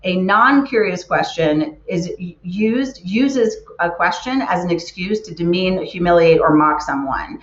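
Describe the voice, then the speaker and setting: A woman's voice: fairly low pitch, animated, a little slow, few pauses. A woman giving an earnest keynote talk, stressing her points by repeating words. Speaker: keynote speaker. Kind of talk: motivational talk. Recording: roomy, muffled lo-fi sound.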